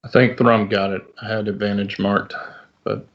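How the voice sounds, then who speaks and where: A man's voice: lowish voice, little pitch movement, normal speed, highs cut off. A man playing a tabletop game, chiming in with short remarks. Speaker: player. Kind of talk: casual tabletop play.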